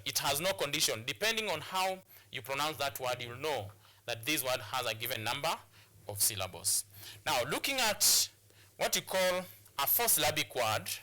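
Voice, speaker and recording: Bright-voiced teacher man, repeating himself. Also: medium pitch. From Kenya. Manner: repeats phrases, stop-start explaining. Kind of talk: classroom lesson on TV.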